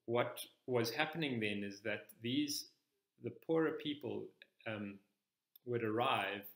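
A man preaching a sermon in church, explaining scripture in a measured, step-by-step teaching manner. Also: mid-range voice, fairly bright tone, echoey room.

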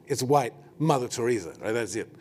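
A company chief giving a business talk as an animated storyteller, leaning on "like" and "right?" as he goes. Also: medium pitch, fairly quick, slightly rough. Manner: animated, anecdotal, frequent "like" and "right?". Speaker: company CEO giving a presentation.

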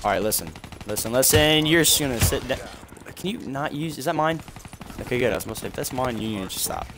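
A young man giving live gameplay commentary, animated and trash-talking, with sudden shouts at opponents. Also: mid-range voice, quick pace. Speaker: gaming commentator. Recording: game gunfire noise behind the voice. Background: in-game gunfire and explosions.

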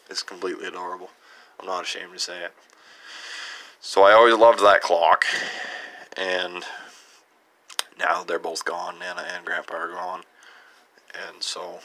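Gravelly low-voiced young man touring his workshop. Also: sharp tone. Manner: rambling storyteller with frequent chuckles. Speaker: channel host. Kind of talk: casual workshop tour narration. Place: home workshop.

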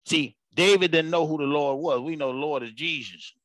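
A man's voice: a little high, normal speed, sharp tone, dry recording. A man preaching an informal sermon broadcast, colloquial and emphatic, repeating his phrases for weight.

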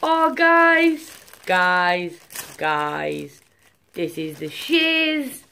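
A woman's voice: fairly low pitch, extremely slow, gravelly, smooth. A young woman, unboxing gifts and gushing to her viewers in a casual vlog. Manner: gushing, excitable, talks to viewers. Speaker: vlogger.

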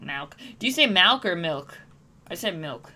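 A woman's voice: fairly low pitch, animated, moderate pace, pushed and bright, a little hiss or hum. An Irish woman streaming a horror game in casual commentary, jumpy and swearing when startled. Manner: jumpy, swears and yelps at scares.

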